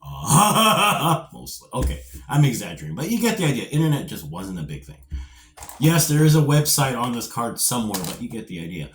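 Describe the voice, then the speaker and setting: A middle-aged man reviewing a vintage action figure, talking in a rambling, animated way with playful asides and geeky nostalgia. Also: medium pitch, brisk, a little hiss or hum. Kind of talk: casual video review.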